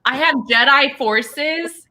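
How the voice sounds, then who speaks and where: A woman puts on a brash, foul-mouthed princess who trash-talks her rival in an improv comedy battle. The voice sits high and very bright. She taunts at an unhurried pace. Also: heavily acted. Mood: boastful. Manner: trash-talking, swearing, taunting. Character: brash trash-talking young princess, cocky and crude.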